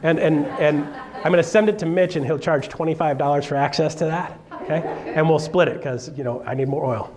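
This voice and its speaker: A man's voice: a little high, fairly quick, a crowd in the background. A middle-aged man coaching a live seminar, joking and acting out the voices of clients as he goes. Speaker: real estate coach.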